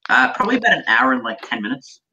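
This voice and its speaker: A man's voice: mid-range voice, very animated, quick pace, vocal fry, dull audio, noisy background. An Australian man co-hosting a casual livestream podcast, rambling and swearing freely. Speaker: co-host.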